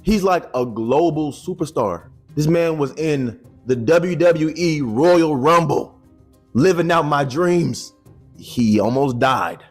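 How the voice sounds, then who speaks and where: A man's voice: a little high, animated, slow, faint music behind. A man giving casual YouTube commentary, slangy and joking, with boastful asides to the camera.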